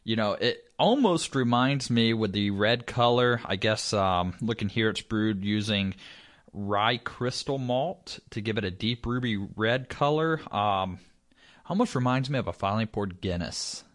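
A man co-hosting a casual podcast chat, easygoing and joking, often trailing off softly. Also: lowish voice, a little slow. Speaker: podcast co-host. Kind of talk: casual chat reviewing beer.

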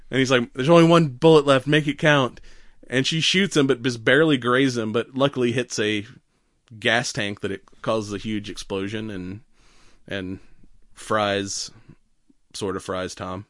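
A man's voice: mid-range voice, fairly even intonation, a little slow, a bit bright, dry recording, studio quality. A man co-hosting a podcast, chatting casually and laughing often as he retells a movie and acts out its lines. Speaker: podcast co-host. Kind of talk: casual chat recapping a movie.

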